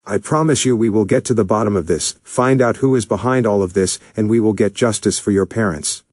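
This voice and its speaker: A man's voice: on the low side, a little fast, a little mellow, no room sound, studio quality, natural voice. A man voicing a stern older male scientist who scolds and lectures his protégé.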